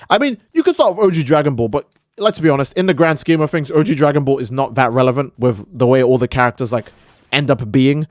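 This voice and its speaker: A man's voice: medium pitch, lively intonation, quick pace, no room sound, studio quality. A man streaming live, ranting in a heated, profane way and often restarting his sentences. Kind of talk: casual live-stream rant.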